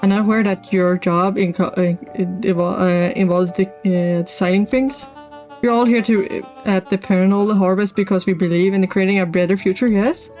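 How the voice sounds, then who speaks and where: Woman reading a stern official, mid-pitched, near her own voice. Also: fairly even intonation, normal speed, darkish tone, soft background music, lightly acted. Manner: reads game dialogue aloud with stumbles. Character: stern older male festival official, bossy.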